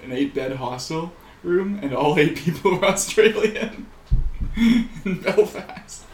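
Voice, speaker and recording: A young man in casual chat, telling stories haltingly with many fillers and laughing often. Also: high voice, lively intonation. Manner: slow, halting storyteller, many likes and uhs, laughs often. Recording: echoey room with clear noise.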